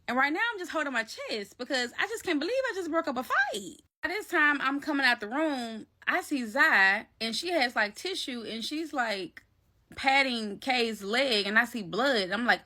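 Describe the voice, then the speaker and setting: Bright, animated woman telling a story. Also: high-pitched, normal speed. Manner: animated, slangy, addresses viewers directly. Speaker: vlogger. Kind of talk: casual storytime vlog.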